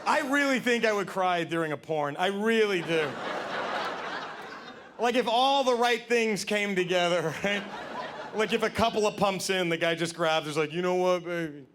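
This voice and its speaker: A man's voice: high-pitched, moderate pace. A man in his thirties doing a stand-up comedy set on stage, acting out scenes in silly voices with audience laughter behind him. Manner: animated, acts out scenes in silly put-on voices. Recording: live stage recording with clear room noise.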